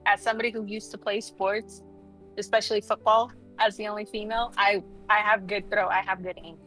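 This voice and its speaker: A woman's voice: mid-range voice, level tone, fairly quick, fairly bright tone, faint music behind, low-quality recording. A woman guest on a livestream, chatting casually and rambling with lots of fillers. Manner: rambling, full of fillers like "you know". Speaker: guest streamer.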